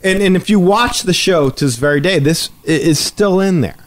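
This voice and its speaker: A man with a high voice hosts a podcast, narrating a story in casual talk at a moderate speed. He's an animated teller who plays out the quotes with plenty of energy.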